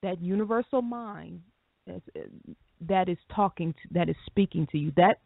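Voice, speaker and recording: A woman with a gravelly, creaky voice co-hosting a talk radio show, speaking in a thoughtful, measured way with frequent pauses. She sounds like she is on a tinny phone line, close and dry. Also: on the low side, dry recording. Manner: reflective, measured, frequent ums.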